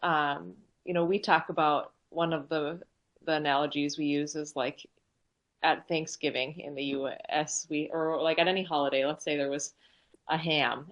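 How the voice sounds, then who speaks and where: A woman's voice: low-pitched, fairly bright tone, highs cut off. A woman hosting a casual podcast conversation, reflective and agreeing, with some fillers. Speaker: podcast host.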